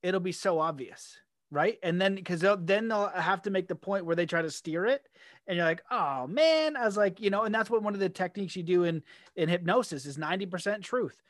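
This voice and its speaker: A man's voice: sits high, a little fast, no room sound. A chatty man hosts a casual conversation in a slightly raised voice. He rambles and acts out his own reactions as quotes. The sound is dry and close. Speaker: podcast host.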